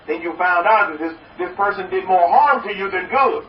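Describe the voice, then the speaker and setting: The preacher, a man speaking as a rabbi, sits high in pitch at a normal speed, with a little hiss or hum present. He tells jokes, repeats himself in a folksy manner, and comes back to a blessing refrain. The recording feels distant, roomy, and dull.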